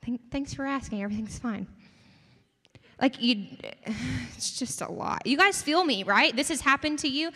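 A young woman preaches in a chatty, animated way, often turning to the audience with questions. Her voice sits a little high, and a long reverb trails each phrase as if she is in a large hall. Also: normal speed. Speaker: campus ministry speaker. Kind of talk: sermon.

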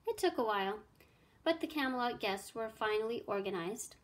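A woman teacher reading a children's math story aloud with clear, expressive storytelling. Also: on the high side, normal speed.

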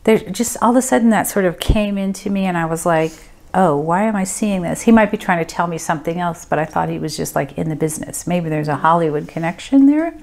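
A woman working as a medium, giving a group reading and thinking aloud in a casual, hesitant way with many pauses and fillers. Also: lowish voice, lively intonation, creaky, darkish tone.

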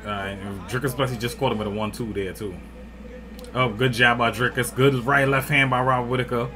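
A man in a home room watching a fight and talking over it, his voice at an ordinary middle pitch. He calls the action in loose, excited bursts, swears freely and shouts when the fight heats up. It sounds like a desk mic in a home setup. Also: a little fast, crowd noise. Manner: loud excited outbursts and profanity, often shouting and laughing. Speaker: fight reaction streamer. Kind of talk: excited live fight commentary.

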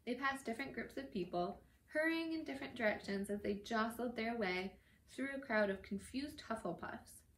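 A woman reads a novel aloud in a relaxed, casual storytelling manner, occasionally tripping on a word and correcting herself. Her pitch is mid-range. The recording sounds echoey with faint background noise. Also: normal speed. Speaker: reader. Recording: echoey room.

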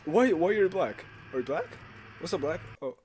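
A young man commentates a horror game in a loud, jumpy voice. His pitch leaps wildly as he swears and shrieks at every scare. Game music plays clearly behind him. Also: normal speed. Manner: loud, excitable, repeats himself. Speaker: gaming YouTuber.

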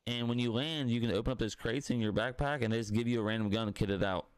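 A man's voice: medium pitch, quick pace, smooth, no room sound. A young man gaming with friends, chatting casually, profane and joking over a headset. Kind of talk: casual party-chat banter.

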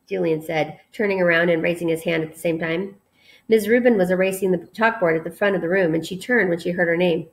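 A woman, a teacher, reading a children's novel aloud to her class in an expressive, friendly way. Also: fairly low pitch, fairly quick. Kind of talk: storybook read-aloud narration.

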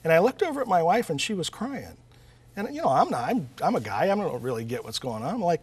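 A man's voice: on the high side, big pitch swings, fast talker, husky. Earnest man telling stories in an interview. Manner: earnest, storytelling, with frequent restarts. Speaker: author and guest. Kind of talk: interview conversation.

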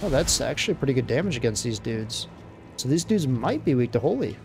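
A man giving casual, excitable let's-play commentary, blurting out exclamations as he plays. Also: mid-range voice, brisk, over music. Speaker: gameplay commentator.

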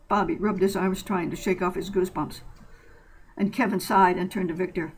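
A woman narrates a short story in a plain, even reading voice, with now and then a small slip. Her pitch sits at a middle level for a woman, neither high nor low. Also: fairly quick, slightly rough, low-quality recording.

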